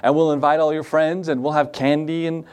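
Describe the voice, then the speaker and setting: A man's voice: fairly high pitch, flat delivery, brisk, darkish tone, clean tone, lightly acted. A man preaching a sermon who voices a father soothing his daughter in a story. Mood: coaxing. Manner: soothing, coaxing.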